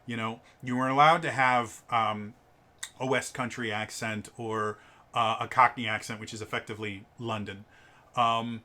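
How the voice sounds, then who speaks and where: A man's voice: medium pitch, fairly even intonation, moderate pace, sharp tone. An American man reviewing a tabletop game in casual, rambling commentary, full of fillers and stammered restarts. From United States.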